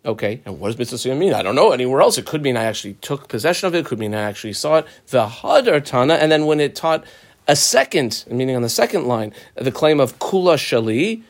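A man's voice: medium pitch, fast talker. A man teaching a text line by line, explaining each phrase and briefly acting out the people in the case. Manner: animated, acts out claimants' voices. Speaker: Talmud teacher. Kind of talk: line-by-line text study lesson.

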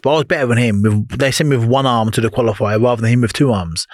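Man, podcast guest, animated storyteller, swears a lot, acts out quotes, close dry studio mic. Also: medium pitch, fast talker, few pauses, no echo. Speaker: podcast guest, former boxer. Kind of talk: casual podcast chat.

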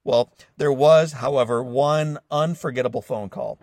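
A man's voice: mid-range voice, normal speed, dry recording. Earnest man in his forties, dry voice. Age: 40s. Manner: earnest storytelling, warm direct address to listeners. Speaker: host of a motivational podcast. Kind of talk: scripted inspirational monologue.

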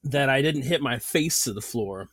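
Husky and medium-pitched, a man in his thirties who hosts a podcast speaks at normal speed while animatedly telling a story. The chat is casual, packed with laughter and the filler "like." The recording is clean studio sound without echo.

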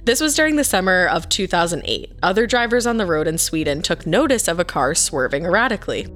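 Counting down strange crime stories, this podcast co-host reacts quickly and teases playfully in casual true-crime chat. She has a lowish, fairly bright voice with lively intonation.

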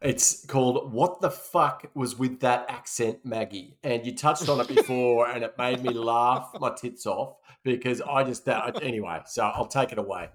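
A man chats loosely on a movie podcast, restarting his sentences and wandering off track. His voice sits at an ordinary middle pitch for a man. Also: moderate pace, few pauses. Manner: rambling, self-interrupting, laughs at own jokes. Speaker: podcast co-host. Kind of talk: casual movie-review chat.

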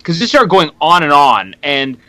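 A man's voice: on the high side, big pitch swings, normal speed, pushed and bright, dry recording, rough recording. A man co-hosting a podcast, telling stories in an easygoing way and chuckling. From Canada. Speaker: podcast co-host. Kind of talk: casual chat.

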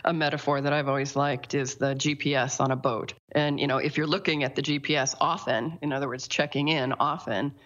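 A woman's voice: very deep voice, steady tone, fairly quick, hardly any pauses, fairly bright tone, dull audio. A woman co-hosting a podcast who responds in an enthusiastic, affirming way. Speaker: podcast co-host.

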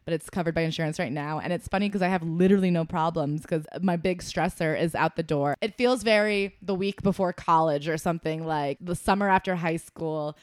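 A woman's voice: lowish voice, fairly quick, few pauses, no echo, studio quality. A young woman co-hosting a podcast, telling stories in casual chat with lots of laughter and acted-out voices of other people. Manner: animated storytelling, frequent laughter, acts out quoted people. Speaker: podcast co-host.

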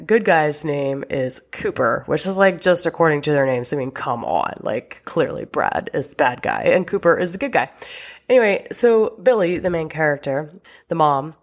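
A woman hosting her own podcast as a relationship coach, talking frankly and chattily, with casual swearing. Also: low-pitched. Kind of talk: casual solo podcast talk.

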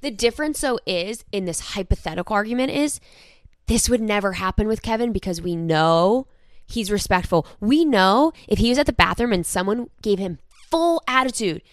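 A woman's voice: mid-range voice, normal speed, no echo. Young woman co-host, dry close mic. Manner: animated, argumentative, acts out quoted voices. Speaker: podcast co-host. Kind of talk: casual chat.

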